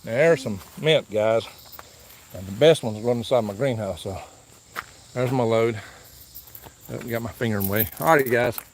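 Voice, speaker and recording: A livestream host chats in a folksy way while vlogging live from his farm, reading viewer messages aloud outdoors in and around a truck. His mid-range voice moves at normal speed with long pauses, and the phone he holds picks up a little hiss or hum.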